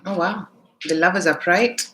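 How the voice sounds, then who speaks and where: Low-voiced woman with a mixed Indian accent. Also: normal speed, a bit bright, a little hiss or hum. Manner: chatty, greets viewers by name, thinks aloud with fillers. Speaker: tarot reader, live-stream host. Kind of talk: casual live-stream chat and tarot reading.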